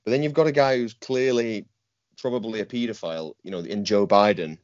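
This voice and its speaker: A man's voice: on the low side, brisk, no echo, highs cut off. A man co-hosting a podcast who teaches martial arts, talking bluntly and often laughing and swearing. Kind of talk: casual chat.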